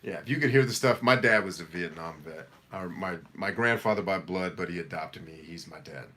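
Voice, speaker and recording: A middle-aged man with a low, deep voice runs a casual live coaching session, reading viewer comments aloud. He answers in a direct, energetic, motivational way. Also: fairly quick. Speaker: life coach hosting a live Q&A.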